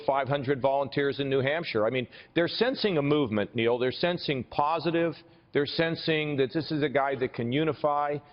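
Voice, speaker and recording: A man in his sixties from Ohio, a political candidate speaking upbeat and insistent in a remote TV interview, often saying the interviewer's name. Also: medium pitch. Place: outdoors in snowy weather. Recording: dull lo-fi broadcast feed with long reverb.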